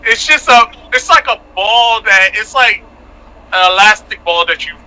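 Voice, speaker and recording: A man's voice: high voice, moderate pace, bright, forceful tone, poor audio. A man who is a guest on a casual podcast, talking emphatically, laughing, and repeating himself for stress.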